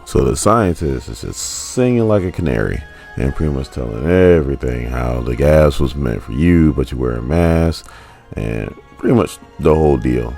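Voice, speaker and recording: A man's voice: extremely low pitch, animated, moderate pace, vocal fry, dark tone, soft background music. A man in his forties casually retelling a comic story, with laid-back joking asides. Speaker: comic book recap host.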